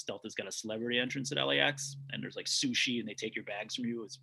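A man's voice: mid-range voice, fast, creaky, sharp tone, a little hiss or hum. A man, a documentary director, telling stories in a casual interview, rambling with frequent restarts.

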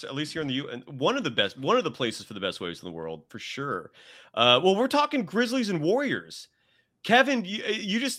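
Male co-host, slightly higher pitch, easygoing, quick asides, laughs a lot. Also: fairly bright tone. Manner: laid-back, quick asides, laughs often. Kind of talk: casual sports podcast chat.

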